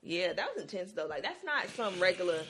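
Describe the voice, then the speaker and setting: A woman co-hosts a casual TV recap. Her pitch swings widely as she tells stories in slang and laughs often. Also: a little fast, slight background noise. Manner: animated, laughing, slangy storytelling. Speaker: podcast co-host.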